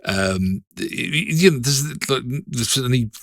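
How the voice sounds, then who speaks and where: Middle-aged man, low voice, animated swings, dry close mic, chatty co-host. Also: unhurried, no room sound. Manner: animated storytelling, hesitant restarts. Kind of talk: casual chat.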